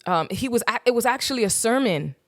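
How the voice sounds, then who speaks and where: Sex: woman. Role: podcast guest. Style: earnest, animated storytelling in conversation. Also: fairly high pitch, fast.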